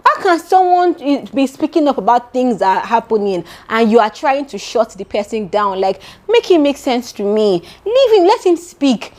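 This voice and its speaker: A woman's voice: on the high side, normal speed, hardly any pauses. A young adult woman with a Nigerian accent, chatting in a casual gossip vlog and speaking straight to her viewers as "my darling". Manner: animated and chatty, addresses viewers directly as "my darling". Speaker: vlogger.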